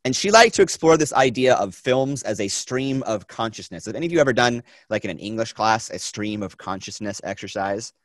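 A man teaching a film class, talking in a lively, conversational way and asking the students questions. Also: fairly low pitch, brisk, few pauses, no room sound. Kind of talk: classroom lecture.

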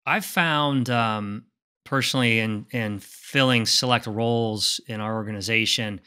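A man's voice: lowish voice, measured pace, sharp tone, smooth. A man co-hosting a podcast who asks his partner questions, often stumbling and repeating words as he talks. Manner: inquisitive, stammers and repeats words. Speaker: podcast co-host. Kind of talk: casual conversational chat.

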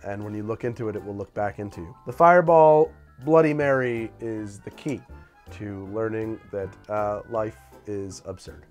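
A man hosting a comedic bartending show, talking in an animated, wry and profane way while he mixes and tastes drinks. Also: on the low side, moderate pace, soft background music. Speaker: cocktail show host.

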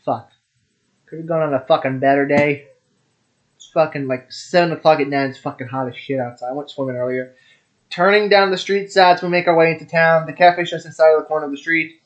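A man's voice: on the high side, muffled recording. Profane young man reading a game aloud. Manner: profane, irreverent asides. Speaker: let's play host. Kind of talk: gameplay commentary reading game text aloud.

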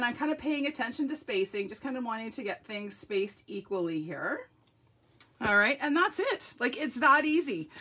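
A woman with a sniffly nose and a slightly croaky voice, chatting through a live crafting tutorial and laughing often. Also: sits high, sharp tone. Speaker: papercraft demonstrator.

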